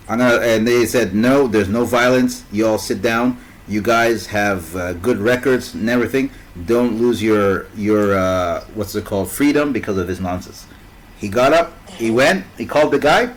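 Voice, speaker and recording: A man spins a long, winding story in casual chat. He often pauses to hunt for a word and slips into the voices of the people he describes. His voice sits at an ordinary mid pitch. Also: rough recording. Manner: rambling, fills gaps with "what's it called".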